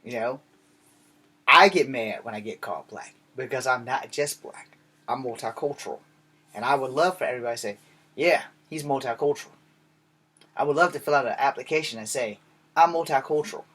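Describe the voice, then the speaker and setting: A man's voice: mid-range voice, fairly quick, pushed and bright, husky. A man giving a blunt, casual monologue to his viewers, swearing now and then. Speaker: vlogger.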